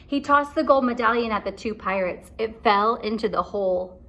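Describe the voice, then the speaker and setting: A woman teacher reading a storybook aloud to young children, stopping often to ask them what comes next. Her voice sits a little high and sounds bright and clear, with an encouraging, patient manner. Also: moderate pace. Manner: encouraging, asking questions.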